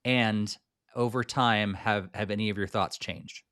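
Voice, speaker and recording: A man with a fairly low voice hosts a podcast in a relaxed, loose way, hedging and filling gaps with "um." The sound is dry and close-miked, with no room around it. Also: a little slow, smooth, no echo. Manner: relaxed, hedging, uses many fillers. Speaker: podcast host. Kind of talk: casual podcast chat.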